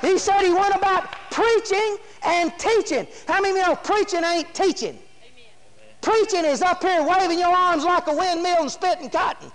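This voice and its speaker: A man preaching a fiery revival sermon, often breaking into shouts of praise. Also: very high voice, moderate pace. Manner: shouting, Southern preacher cadence. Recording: long hall reverb.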